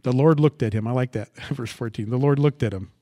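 In a mid-range voice at a slightly fast pace, this pastor poses rhetorical questions to his congregation, moving from hushed asides to booming, dramatic scripture passages. There is no room sound.

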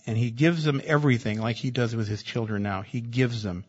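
A man's voice: mid-range voice, fairly quick, husky, lo-fi sound. A man preaching a sermon as pastor, in a conversational, joking style that repeats key phrases.

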